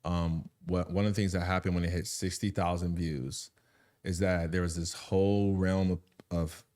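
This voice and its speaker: A podcast host with a low voice and a moderate pace tells stories in casual chat. He's animated, dropping quiet and heavy before turning loud and laughing, and thinks aloud with restarts.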